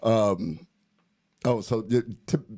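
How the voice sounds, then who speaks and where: Low-voiced man telling stories. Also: slow. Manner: animated storyteller, laughs often and mimics people. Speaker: podcast co-host. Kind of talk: casual chat.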